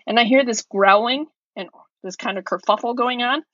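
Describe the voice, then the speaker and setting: A woman co-hosting a podcast, telling a story in a relaxed chat and acting out her own calls as she goes. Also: a little high, normal speed, no room sound, lo-fi sound. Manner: animated storyteller, acts out her own yelling. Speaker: podcast co-host.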